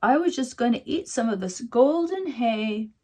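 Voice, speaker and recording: A woman's voice: fairly high pitch, animated, normal speed, mellow. A woman voicing a friendly little calf. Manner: generous, offering to share.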